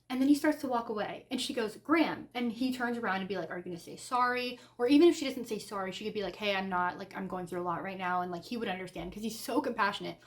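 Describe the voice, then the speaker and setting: A young woman talks straight to her camera in a casual reading vlog. She gushes and rambles, and "like" fills nearly every sentence. Her pitch sits in the middle for a woman. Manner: chatty and gushing, heavy use of "like". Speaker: book vlogger.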